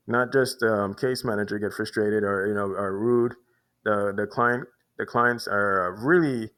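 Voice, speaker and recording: A man's voice: on the low side, fairly bright tone. A man telling a long personal story in a rambling way, restarting and repeating words often. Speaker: vlogger. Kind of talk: casual storytelling monologue.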